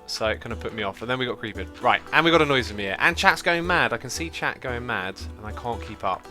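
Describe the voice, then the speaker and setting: A man hosts a relaxed gameplay livestream, talking casually and reading out viewer messages. His voice is bright and forward at an everyday middle pitch. Soft music plays faintly underneath. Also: fast talker. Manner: chatty, reads out viewer donations and messages. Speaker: livestream host.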